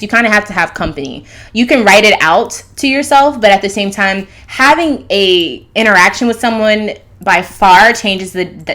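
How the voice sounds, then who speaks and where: A woman's voice: medium pitch, fairly bright tone. A woman hosting her own astrology channel, talking casually and loosely, jumping between thoughts. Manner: loose, rambling, fillers and restarts. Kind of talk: casual monologue.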